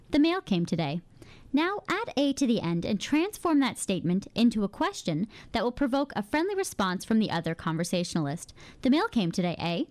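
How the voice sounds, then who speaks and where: A woman from Canada hosting a scripted radio feature in a studio, explaining in a lively way. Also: medium pitch. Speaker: radio host.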